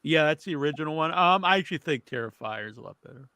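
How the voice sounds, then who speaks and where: Guy hosting a podcast, kinda high voice, reads trivia then rambles, dry sound. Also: animated, fast, sharp tone, clean tone, no room sound. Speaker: podcast host. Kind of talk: casual wrestling chat.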